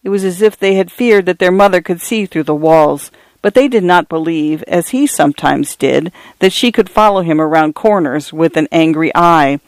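Guy reading a novel out loud, kinda high voice, dry close sound, measured and wry. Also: no room sound. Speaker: audiobook narrator. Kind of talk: literary fiction reading.

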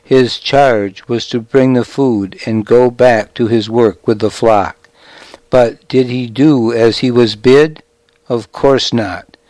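A man narrating a novel in a measured, deliberate storytelling manner. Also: medium pitch, fairly even intonation, a little mellow, no room sound, low-quality recording. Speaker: audiobook narrator. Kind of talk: scripted narration.

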